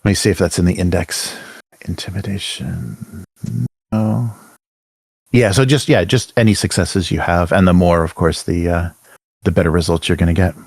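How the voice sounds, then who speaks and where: A low-pitched man runs a tabletop game session. He explains rules in halting bursts full of fillers and laughs often. The recording is dry and close. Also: steady tone, darkish tone, dry recording. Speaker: game master. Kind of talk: running a tabletop game online.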